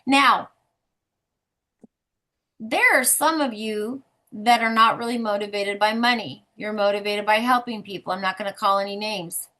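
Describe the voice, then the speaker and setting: A woman's voice: medium pitch, normal speed, bright, forceful tone. A woman leading a sales team on a motivational call, talking bluntly and emphatically, often laughing.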